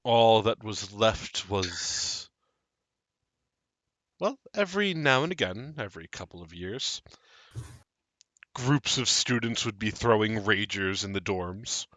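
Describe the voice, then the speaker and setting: A man narrating a tabletop game as game master, with measured storytelling and ominous pauses. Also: fairly low pitch, lively intonation, a bit bright, dry recording.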